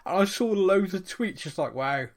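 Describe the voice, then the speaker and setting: A man's voice: sits high, lively intonation, normal speed. A British man hosting a casual podcast chat, chatty and fond of mocking posh voices. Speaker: podcast host.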